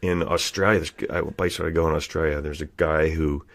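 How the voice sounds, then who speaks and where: A man's voice: a bass voice, flat delivery, fairly quick. A man hosting a podcast, telling stories in a laid-back casual chat and laughing at his own jokes. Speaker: podcast host.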